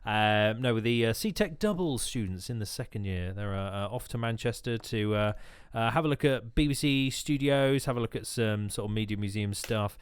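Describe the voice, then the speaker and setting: A man hosting a casual podcast chat, playful and quick with asides. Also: fairly low pitch, smooth, no room sound. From England. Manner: chatty, hums jingles, playful asides. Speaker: podcast host.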